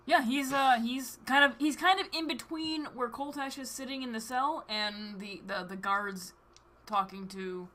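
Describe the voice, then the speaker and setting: Woman game master, bright chatty narration, faint hiss. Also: fairly high pitch, unhurried. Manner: chatty, laughs through her narration.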